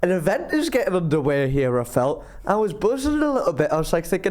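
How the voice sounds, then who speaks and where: A man's voice: fairly high pitch, very animated, a little fast, hardly any pauses, darkish tone. A young man, rambling through a self-mocking story as a podcast co-host. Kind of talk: casual storytelling chat.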